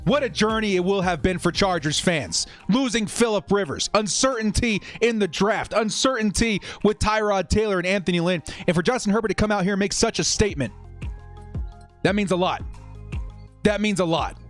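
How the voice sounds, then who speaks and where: A young man hosting a live watch-party stream, chatting with viewers and getting excited over each play. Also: high-pitched, brisk, hardly any pauses, faint music behind.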